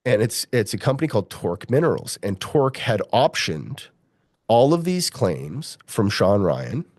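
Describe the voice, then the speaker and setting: A man's voice: lowish voice, normal speed, no room sound, studio quality. A middle-aged man, a mining geologist, telling a long story in an interview, swearing freely and acting out the voices of the people he quotes. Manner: profane, animated, acts out quoted voices.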